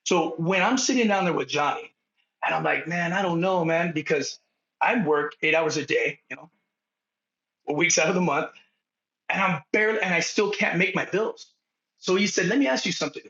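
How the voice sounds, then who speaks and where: A man guesting on a podcast, telling stories in a casual, animated way. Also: on the high side, moderate pace, reverberant, highs cut off. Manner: animated, acts out dialogue. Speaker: podcast guest, painting contractor. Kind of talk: storytelling in casual conversation.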